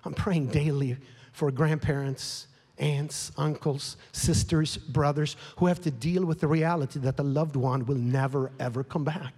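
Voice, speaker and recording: A man's voice: on the high side, steady tone, unhurried, slightly rough. A man preaching a sermon as a pastor, telling a story with rising emotion and growing heat. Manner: emotional, grows louder and more heated, whispers at times. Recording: long hall reverb.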